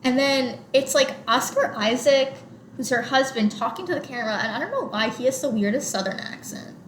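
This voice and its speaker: Her voice sits high and moves briskly as she chats about a film on a podcast she co-hosts. This young woman recounts scenes loosely, full of "like." There's a roomy feel to the recording and a little background noise.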